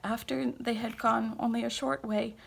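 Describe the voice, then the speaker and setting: A woman reading a traditional folktale aloud at an unhurried pace, pausing now and then to correct herself. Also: a little high, fairly even intonation, vocal fry, breathy edge. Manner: unhurried reading with small restarts and self-corrections. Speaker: storyteller.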